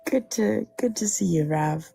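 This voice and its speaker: A woman's voice: medium pitch, a little slow, creaky, warm tone, husky. A woman co-hosting a casual live stream, easygoing and often laughing. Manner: giggly, easygoing. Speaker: co-host.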